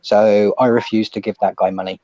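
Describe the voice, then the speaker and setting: A man chatting as a guest on a watch stream, earnest and measured, with some hesitation. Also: on the low side, little pitch movement, dark tone, no room sound, muffled recording. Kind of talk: casual chat on a watch stream.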